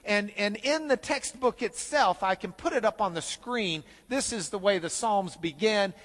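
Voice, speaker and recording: A middle-aged man teaching a Bible class, telling a self-deprecating story in an animated way. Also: high-pitched, moderate pace, in a large hall. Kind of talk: storytelling lecture.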